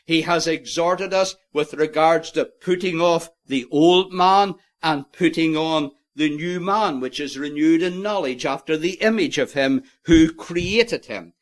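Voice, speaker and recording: A man's voice: a little high, a little slow, few pauses. A man preaching an expository sermon, earnest and emphatic, quoting scripture in old-fashioned wording.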